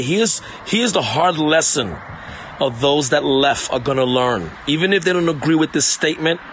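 A man's voice: a little high, fairly bright tone, dry recording. A man preaching an online sermon, repeating lines emphatically and addressing listeners directly.

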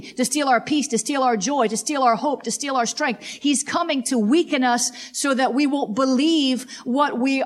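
A woman preacher delivers a sermon with a somewhat high voice. She punctuates points with exclamations of praise and repeats lines for emphasis. When reading scripture she slows down and presses each phrase.

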